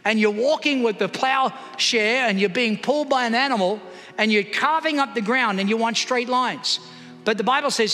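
A man's voice: high-pitched, expressive, normal speed, bright, forceful tone, faint music behind. A man preaching a sermon in church, calling out to the congregation for responses. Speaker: pastor. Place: church hall. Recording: long hall reverb.

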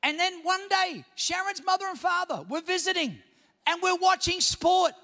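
Australian man, middle-aged pastor, very high voice, bright and sharp tone, animated sermon storytelling, long hall reverb. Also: normal speed, gravelly. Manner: animated storytelling, rising to shouts. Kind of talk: sermon with personal stories.

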